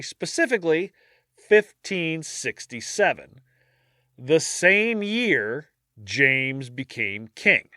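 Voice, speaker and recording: A man's voice: medium pitch, pushed and bright, dry recording, studio quality. A man co-hosting a casual history podcast, telling the story in a jokey way and acting out little scenes. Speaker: podcast co-host.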